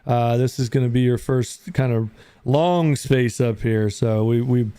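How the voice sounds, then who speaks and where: A man hosting a live audio chat room, talking in a relaxed, rambling way, often saying "dude" and greeting listeners by name as they join. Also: mid-range voice, a little slow, clear, resonant tone, dry recording. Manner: laid-back, rambling, says "dude" a lot. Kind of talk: casual chat.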